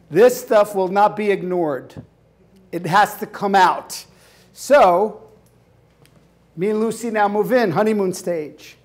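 A man teaching a class in an animated way, acting out scenes and laughing often. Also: high-pitched, measured pace. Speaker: hypnotherapy instructor. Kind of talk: lecture with acted-out examples.

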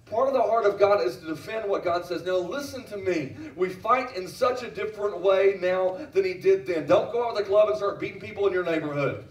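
A man's voice: high-pitched, brisk, hardly any pauses. A middle-aged man preaching a sermon as pastor, emphatic and repeating phrases, asking the congregation questions. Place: church sanctuary. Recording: roomy church audio from a distance.

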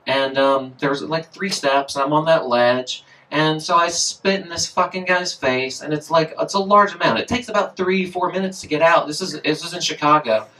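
A man's voice: a little high, bright, forceful tone, a little hiss or hum. A man telling a story from memory at a live reading, in a casual, rambling, profane way with lots of fillers. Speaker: author performing at a reading. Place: indoor live reading event. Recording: voice picked up from far off.

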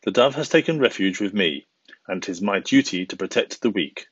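A noble storybook king , read by a man, speaks quietly and firmly in a deep, husky voice. The sound is dry and slightly dull. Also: animated, normal speed, no room sound. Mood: calm. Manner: quiet, firm, gentle. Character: calm, kind, noble old-time king.

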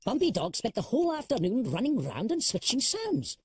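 A woman voicing a gruff toy townsperson in a cartoon, speaking in an emphatic way. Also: on the high side, huge pitch swings, normal speed, no room sound, exaggerated voice. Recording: loud music underneath.

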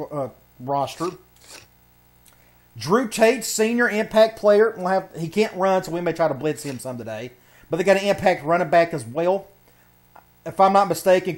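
A man giving casual, laid-back commentary on a video game, thinking aloud as he browses menus and plays. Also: high voice.

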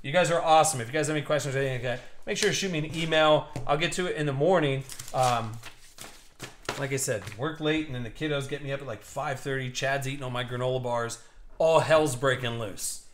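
A man in his thirties hosting a live card break stream, excited and joking with viewers. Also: mid-range voice, fast talker, a little hiss or hum. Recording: echoey room.

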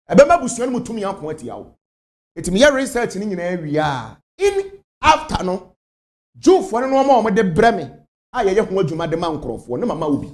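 A man's voice: high voice, darkish tone. A man from Ghana, a spiritual leader, answering interview questions emphatically and repeating his phrases.

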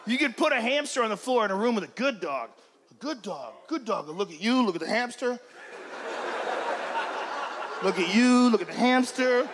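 A man performing a stand-up routine on stage, loud and profane, acting out the animals in his bits. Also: extremely high pitch, lively intonation, normal speed, very noisy. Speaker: stand-up comedian. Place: comedy stage before a large audience. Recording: live show with loud crowd. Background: loud audience laughter.

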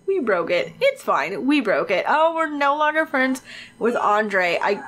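Woman let's player, excitable and sweary, lively higher voice. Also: unhurried. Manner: excitable, chatty, swears freely. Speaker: let's play creator. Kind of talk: casual gameplay commentary.

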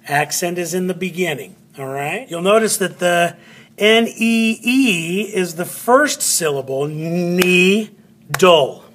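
A man's voice: sits high, a bit bright, slight background noise. A man teaching a phonics lesson at a board, repeating words and spelling them out letter by letter. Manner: slow, drawn-out words, spelling letters aloud; repeats words to stress syllables.

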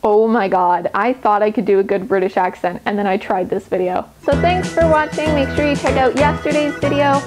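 A young adult woman, a book vlogger, wrapping up her video in a bubbly, quick, self-deprecating way. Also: a little high, over loud music. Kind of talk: casual vlog sign-off.

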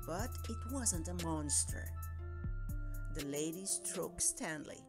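Slow, expressive woman reading a children's book. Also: mid-range voice, over music. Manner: gentle, expressive storytelling. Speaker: storybook reader. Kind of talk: children's read-aloud narration.

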